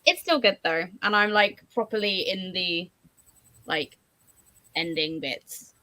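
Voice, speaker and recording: A woman's voice: fairly low pitch, takes it slowly, sharp tone, low-quality recording. A woman chatting casually on a livestream, with trailing, hesitant phrasing and bursts of exasperation. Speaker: livestream guest. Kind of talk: casual chat.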